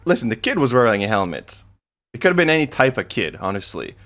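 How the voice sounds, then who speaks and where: A man in relaxed podcast banter whose pitch swings widely from phrase to phrase. He teases his co-host and jumps into high mock voices for a laugh. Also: fast talker. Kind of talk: casual chat.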